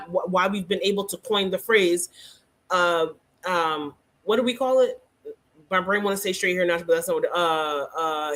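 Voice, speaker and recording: A woman hosting a casual hair care livestream, teaching and teasing viewers by name in an animated way. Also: medium pitch.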